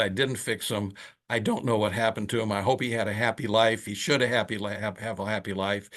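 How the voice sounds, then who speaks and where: Older man, surgeon hosting a show, story monologue, acts out quotes, pitch climbs. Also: a bit bright. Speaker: oral surgeon and podcast host.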